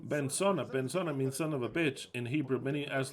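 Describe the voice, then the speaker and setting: A man's voice: mid-range voice, brisk. A man giving a live spoken interpretation of a sermon talk, agitated and emphatic, cursing and repeating himself. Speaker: interpreter voicing the preacher.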